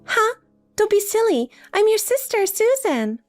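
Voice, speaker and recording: A woman's voice: very high voice, sing-song, measured pace, exaggerated voice. A synthetic woman's voice playing a desperate, pleading married older sister in a text story, with faint music behind. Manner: pleading, insistent.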